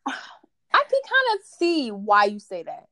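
A young adult woman hosting a casual chat, telling stories in an animated way with plenty of "like". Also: a little high, slow, no echo. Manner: animated storyteller, fills talk with "like". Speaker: podcast host.

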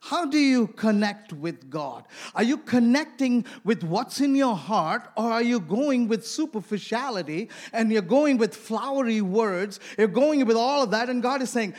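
A man from India preaches, his voice sitting notably high. He builds his sermon around personal stories and keeps asking the congregation whether they are with him. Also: lively intonation, unhurried, hardly any pauses. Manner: storytelling, questioning the congregation.

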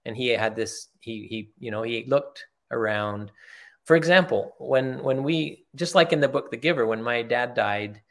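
A man's voice: medium pitch, normal speed, creaky, a bit bright. An older man, a retired executive, telling heartfelt stories in an earnest, conversational way as a podcast guest. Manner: earnest, heartfelt, repeats phrases for emphasis. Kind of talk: conversational storytelling.

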